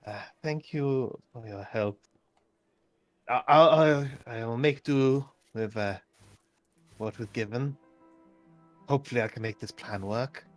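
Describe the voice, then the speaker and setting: A man voicing a weary male adventurer in a tabletop game, murmuring low and halting. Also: faint music behind, lightly acted. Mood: subdued.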